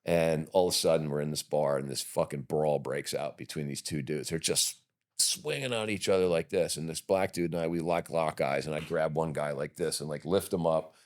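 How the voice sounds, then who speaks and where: A man's voice: a bass voice, a little fast. A man in his fifties from New York, telling stories casually on a podcast as a guest, swearing freely and acting out what others said. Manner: profane, animated, acts out quotes. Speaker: podcast guest, actor and fighter. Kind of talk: casual storytelling.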